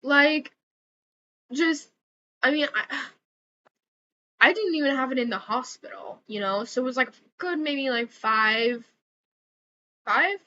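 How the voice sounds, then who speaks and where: A young woman with a high, bright voice rants heatedly into the camera, swearing and circling back over her points. The sound is a little dull and lo-fi. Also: lively intonation, slow pace, pauses often, a little hiss or hum. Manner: heated, swearing, repeats words. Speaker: vlogger. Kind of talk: angry rant to camera.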